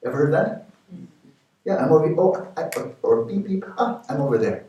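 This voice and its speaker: Older man, meditation teacher, mellow voice, playful examples, distant mic, big echoing hall. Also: brisk. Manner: animated, playful examples, rising pitch for jokes. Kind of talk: retreat dharma talk. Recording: echoey hall from far off.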